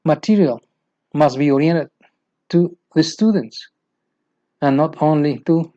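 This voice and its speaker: Spanish-accented man, slow lecturing teacher trainer, halting, dull lo-fi sound, fairly high voice. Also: dark tone. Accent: Mexican Spanish. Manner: halting, repeats and restarts phrases, asks rhetorical questions.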